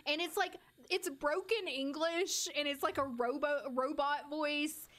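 Chatty high-voiced woman streamer. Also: steady tone, a little slow, a bit bright. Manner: chatty, talks to viewers and game characters. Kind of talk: casual chat while playing a life-sim game on a live stream.

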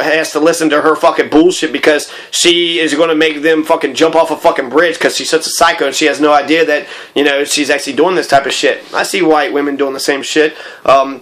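A man's voice: a little high, a bit bright. A man in an angry, profane, rambling personal monologue.

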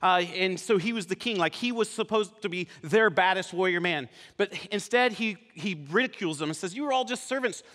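A man who is a campus pastor, preaching a sermon in a casual, animated storytelling way. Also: sits high, fairly quick, few pauses, in a large hall. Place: church sanctuary.

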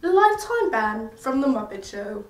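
A woman's voice: fairly high pitch, big pitch swings, normal speed, far from the mic. A young woman putting on an exaggerated, sing-song fake British accent to tell a joke. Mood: hammy. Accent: put-on British. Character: mock-posh British joke teller, female. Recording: echoey room, off-mic.

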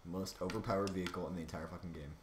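A young man gaming with friends, excitable, swearing often and whining when he pleads. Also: deep voice, very fast, roomy sound, crowd noise. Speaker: gamer, channel host. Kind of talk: casual gaming chat.

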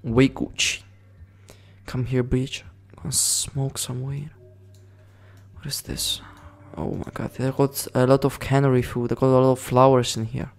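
A man chatting through a video game in loose, rambling commentary. He giggles often and swears freely, in a voice of ordinary middle pitch. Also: little pitch movement, unhurried, creaky. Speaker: gaming video creator.

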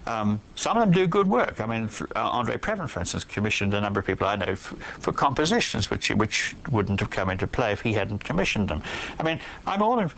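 A man's voice: on the low side, big pitch swings, fairly quick, vocal fry, fairly bright tone, low-quality recording. A man answering as a guest in an interview, reflective and opinionated, thinking his points through aloud. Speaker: guest poet.

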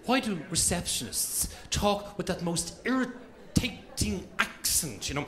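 High-voiced Irish stand-up comic. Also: male voice, very animated, normal speed, pushed and bright, faint music behind. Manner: chatty, mock-exasperated, jumps into impressions. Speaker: stand-up comedian. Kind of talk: stand-up comedy set. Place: comedy club stage. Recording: live club with audience noise.

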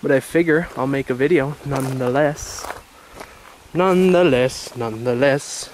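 A man's voice: medium pitch, steady tone, normal speed, slight background noise. A man filming himself outdoors at a rural shooting range, rambling casually in a sarcastic, self-mocking way. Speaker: vlogger. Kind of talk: casual self-filmed vlog.

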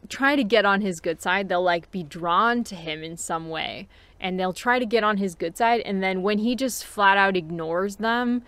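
A woman's voice: medium pitch, fairly bright tone, no room sound. A woman giving a casual book review, chatty and musing, with frequent fillers and laughs between thoughts.

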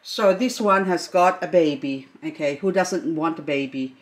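A woman's voice: low-pitched, moderate pace. A middle-aged woman hosting a gardening channel, gushing and exclaiming with frequent laughter as she unboxes plants. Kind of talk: excited unboxing vlog.

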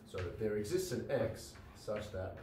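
A man with a low, mellow voice gives a university lecture, pausing on fillers and asking "right?" to check understanding. He sounds set back from the mic in a roomy hall, with faint room ambience behind him. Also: big pitch swings, distant mic, slight background noise. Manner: talks through examples with frequent "right?" checks and fillers.

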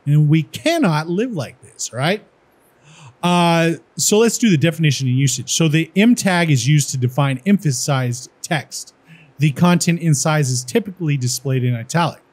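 Relaxed man talking through code. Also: on the high side, moderate pace. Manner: relaxed, thinking aloud with fillers and "all right". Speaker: coding tutor. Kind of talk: casual screen-share coding walkthrough.

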